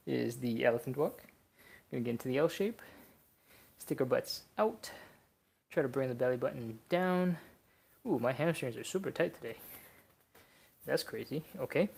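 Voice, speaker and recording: A young adult stretching instructor leading a live class, coaching casually and counting reps between breathy exhales. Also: medium pitch.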